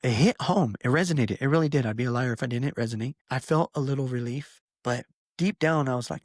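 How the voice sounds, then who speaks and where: A man's voice: medium pitch, fast, no echo. Guy on a podcast rambling earnestly, lots of "you know", dry close mic. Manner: rambling, earnest, many fillers and restarts. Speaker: podcast co-host. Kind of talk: casual podcast chat.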